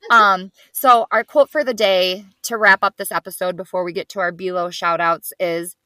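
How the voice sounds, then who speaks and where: An upbeat woman in her thirties co-hosts a casual podcast chat and steers it from one segment to the next. Her voice is bright and clear-toned. The recording is dry and close. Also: mid-range voice, steady tone, moderate pace, no echo. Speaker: podcast co-host.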